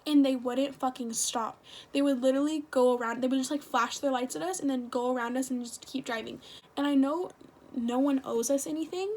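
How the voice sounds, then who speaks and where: Rambling teenage girl with a high voice. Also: fairly quick, darkish tone. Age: teens. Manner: rambling, filler-heavy, swears a lot. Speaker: vlogger. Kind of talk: casual storytelling.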